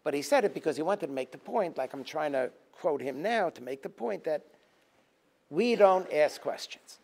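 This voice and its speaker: A man's voice: normal speed, gravelly. Man lecturing, acting out voices. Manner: storytelling, acting out dialogue in a lively voice; rising to forceful emphasis, then dropping low. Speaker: rabbi and lecturer. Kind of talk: Tisha B'Av teaching talk.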